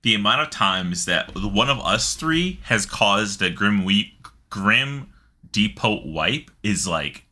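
A man co-hosting a casual gaming podcast, excitable, jokey and profane. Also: fairly low pitch, slow. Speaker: podcast co-host.

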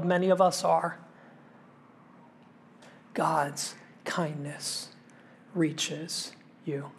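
A man preaching a sermon as a pastor, emphatic, repeating phrases for rhythm and sometimes dropping to a hush. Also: high voice.

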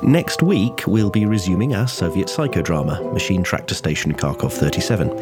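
Deep-voiced man reading podcast credits. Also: lively intonation, a little fast. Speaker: podcast host. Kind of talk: scripted credits and announcements. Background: music.

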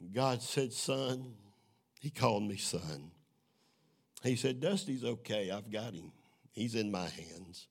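A middle-aged man, preaching his testimony in a sermon, moving from hushed storytelling to shouting. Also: lowish voice, slow pace, long pauses, breathy edge. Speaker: evangelist.

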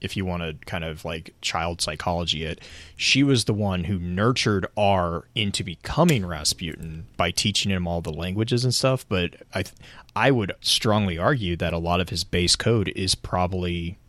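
A man's voice: sits low, moderate pace, fairly bright tone, no room sound. A man co-hosting a casual podcast, giving enthusiastic, rambling explanations of game lore.

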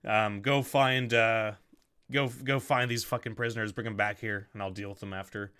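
Man voicing a gruff burly torturer. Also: fairly low pitch, steady tone, moderate pace, pushed and bright. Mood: irritated. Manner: gruff, impatient and dismissive. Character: burly cruel male human torturer in chainmail.

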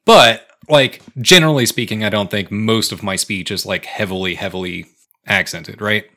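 A man's voice: on the low side, normal speed, pushed and bright. A man in his twenties co-hosting a casual podcast chat, laid-back and swearing as he tells stories. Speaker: podcast co-host.

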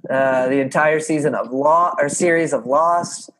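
Laughing, animated young man. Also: fairly high pitch, measured pace. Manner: animated storyteller, swears, laughs a lot. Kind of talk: casual chat.

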